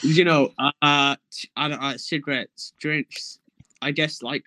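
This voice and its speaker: A man's voice: fairly high pitch, fairly even intonation, a little slow, pushed and bright, dry recording. A young man chatting on an improv panel, rambling and jokey with mock self-righteousness. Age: young adult. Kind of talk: casual chat.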